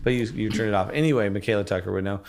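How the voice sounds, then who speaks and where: A man hosting a podcast, chatting casually and rambling, often trailing off softly. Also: on the low side, racing, gravelly. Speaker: podcast host. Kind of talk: casual chat.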